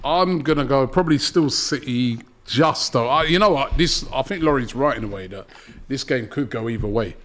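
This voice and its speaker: A man hosting a live football watchalong, reading viewer comments in a relaxed, chatty way. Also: mid-range voice, moderate pace. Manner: laid-back, reads out viewer comments. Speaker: host.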